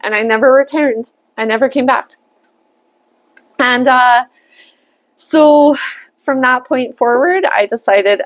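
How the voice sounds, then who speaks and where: A woman's voice: sits high, slow, pauses often. A woman telling a personal story in a candid, chatty way, swearing freely and laughing often. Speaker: tarot reader and vlogger. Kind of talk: casual storytelling.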